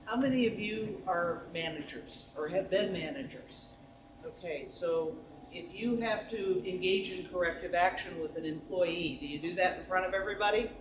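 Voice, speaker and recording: A woman presenter tells a story and quizzes her audience in a teacherly way. Her voice sounds like it comes from a distance in a large echoey room, with clear background noise. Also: on the low side, moderate pace. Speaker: workshop presenter. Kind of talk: lunchtime workshop talk.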